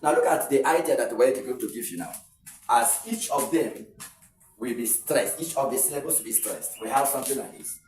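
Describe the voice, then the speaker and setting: Male tutor, steady board-side explainer, echoey room, mic set back. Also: medium pitch, brisk, far from the mic, faint music behind. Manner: explaining step by step, repeats words, fillers. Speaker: English tutor. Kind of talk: exam-prep lesson.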